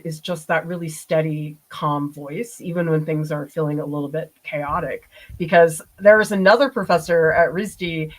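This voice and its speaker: A woman's voice: sits low, low-quality recording. A middle-aged woman art professor, chatting and telling stories with laughs while painting on a live stream. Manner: chatty, animated storytelling with laughs. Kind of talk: live-stream painting demo answering chat.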